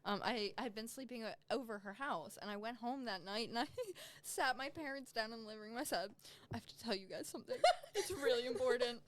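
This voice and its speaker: A woman co-hosting a podcast, chatting casually and making playful, quick quips. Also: a little high, fairly bright tone. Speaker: podcast co-host.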